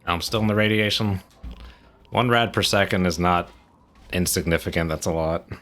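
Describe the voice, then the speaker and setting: A man's voice: low voice, moderate pace, a bit bright. A man streaming a game, giving casual, rambling commentary as he plays and thinks aloud.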